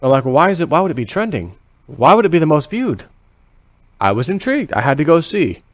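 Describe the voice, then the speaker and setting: A man's voice: a little high, big pitch swings, fast, dry recording. A man from the United States talking in a casual, rambling monologue. He repeats himself, swears casually and acts out inner voices as quoted thoughts. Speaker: vlogger.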